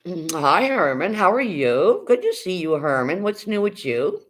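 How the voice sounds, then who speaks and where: A woman's voice: on the low side, very animated, measured pace. A middle-aged woman from Canada, chatting casually on a live stream, greeting viewers by name and swearing now and then. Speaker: livestream host.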